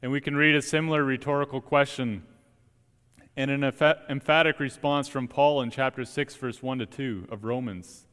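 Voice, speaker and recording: A young man, a student preacher, delivering an earnest, emphatic sermon with deliberate pauses in a church. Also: medium pitch, fairly even intonation, fairly bright tone, smooth. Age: young adult. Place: church sanctuary. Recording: long church reverb.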